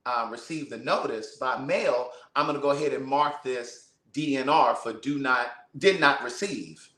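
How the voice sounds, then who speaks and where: A man voicing a pushy male phone scammer who tries to sound official, in a deeper voice than his own. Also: moderate pace, bright, forceful tone, reverberant, close to an everyday voice. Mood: officious.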